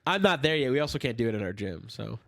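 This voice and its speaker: A man's voice: medium pitch, very animated, gravelly, a bit bright, dry recording, studio quality. A young man hosting a casual comedy podcast, joking and swearing, still getting over being sick. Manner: joking, swearing, quick banter. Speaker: podcast host.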